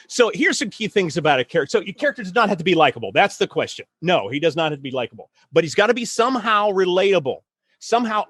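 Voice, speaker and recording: A middle-aged man hosting a casual chat on writing, telling stories in an animated way with laughs and many restarts. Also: high-pitched, husky. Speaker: podcast host, writing coach.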